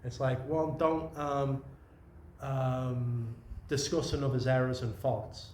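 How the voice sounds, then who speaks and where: A man's voice: medium pitch, fairly even intonation, takes it slowly, slight background noise. A man giving an informal dharma talk as a Zen teacher, meandering and conversational, often restarting his sentences. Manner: meandering, conversational, many restarts and soft asides. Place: meditation retreat room. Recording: roomy echo with faint ambience.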